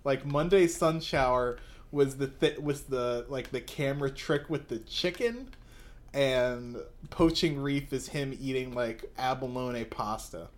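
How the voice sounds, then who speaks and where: A man's voice: mid-range voice, measured pace. A man in casual conversation, rambling along with many fillers and frequent laughs. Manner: laid-back, rambling, laughs often. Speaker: podcast co-host. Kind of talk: casual chat about manga.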